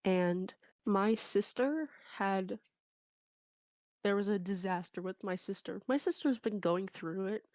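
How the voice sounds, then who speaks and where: A woman's voice: medium pitch, slow pace, dry recording, studio quality. A woman telling a funny story in casual chat, acting out the people in it. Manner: animated anecdote telling with quoted voices. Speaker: co-host.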